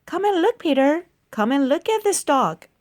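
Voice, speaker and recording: A woman doing a bright, eager little girl. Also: high voice, big pitch swings, normal speed, pitched above the performer's own voice. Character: cheerful helpful little girl.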